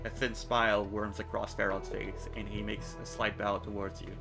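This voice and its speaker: A man streaming himself reading a video game's narration aloud, steady and plain, with casual asides. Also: lowish voice, normal speed, vocal fry, few pauses, over music.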